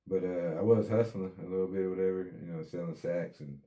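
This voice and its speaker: A man with a deep, mellow voice recounts his own life in an interview. His talk is easygoing street slang, peppered with curses. He slips into quoted dialogue as he tells it. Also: fairly even intonation, brisk, muffled recording. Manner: laid-back street slang, swears often, acts out quotes. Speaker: guest telling his life story. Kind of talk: casual storytelling interview.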